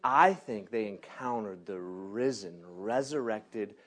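A man preaching by telling a personal story, animated, laughing often and acting out the people in it. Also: lowish voice, slow pace. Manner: animated, laughs often, acts out others in quotes. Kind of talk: storytelling sermon.

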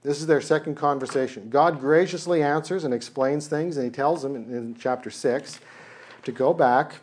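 A man's voice: fairly high pitch, normal speed, a little mellow. A man preaching a casual sermon, conversational, acting out dialogue with humor. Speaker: pastor.

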